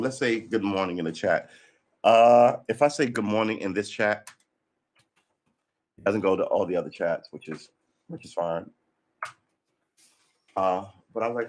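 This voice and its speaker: A lowish-voiced man talks at normal speed but pauses often. It's his morning livestream, and he's weary and somewhat cranky, rambling casually with plenty of sighs and restarts while adjusting the desk mic.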